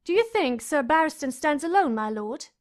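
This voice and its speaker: Scornful commanding queen, high pitched and sharp, woman reader doing her. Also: lively intonation, moderate pace. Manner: haughty, cutting, raised pitch. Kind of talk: audiobook character voice.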